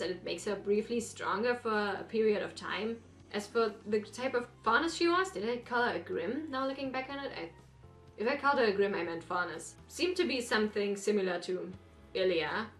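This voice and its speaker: A woman hosting a reaction video, chatting casually and rambling, with apologetic asides. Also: medium pitch. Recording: roomy echo.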